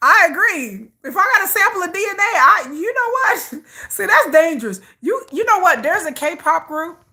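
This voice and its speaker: A young woman chatting casually while walking, animated and laughing, swinging from squeals to low mutters. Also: moderate pace. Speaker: vlogger.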